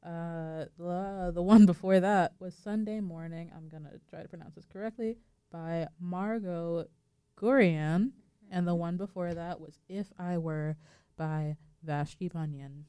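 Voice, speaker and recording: A woman's voice: on the low side, steady tone, measured pace, warm tone, smooth, no room sound. A young woman hosting a student radio show, chatting casually and laughing often with her co-hosts. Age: young adult. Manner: chatty, giggly, prone to laughing. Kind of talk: casual chat.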